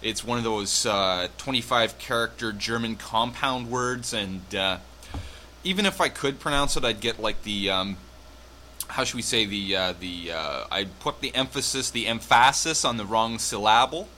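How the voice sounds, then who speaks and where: A man's voice: lowish voice, moderate pace, bright, forceful tone, slight background noise. A man hosting a radio show as DJ, talking casually between tracks with lots of fillers and wry asides.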